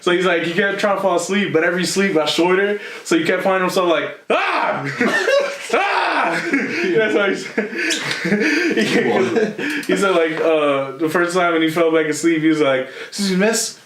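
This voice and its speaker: A man's voice: sits high, moderate pace, few pauses, recorded from a distance, background noise. A young man co-hosting a casual podcast, telling stories with a lot of laughter and acted-out quotes. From Philadelphia area. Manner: animated storytelling, acts out quotes, laughs a lot. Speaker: podcast co-host. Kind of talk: casual chat. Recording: echoey room.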